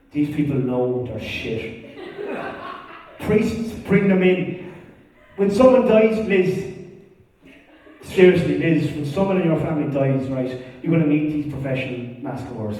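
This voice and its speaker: An Irish man performs stand-up with animated, profane storytelling and quick character voices. His voice sits high. It comes from a distance, with the long, roomy echo of a big hall. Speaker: stand-up comedian. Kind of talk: stand-up comedy set. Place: theatre stage before a live audience.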